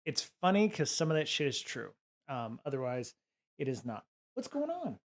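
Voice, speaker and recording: A man's voice: medium pitch, lively intonation, moderate pace. A man hosting a live-stream podcast, talking casually and musing aloud in a rambling way.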